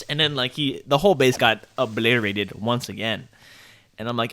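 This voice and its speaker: A man's voice: mid-range voice, brisk, pushed and bright, no room sound. A young man telling a casual gaming story in a rambling, joking way, full of filler words. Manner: laid-back and joking. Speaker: gaming vlogger.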